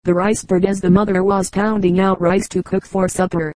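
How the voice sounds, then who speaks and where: Calm, even-voiced woman reading folk tales. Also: medium pitch, moderate pace, dry recording, rough recording. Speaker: audiobook reader. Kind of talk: scripted narration of folk tales.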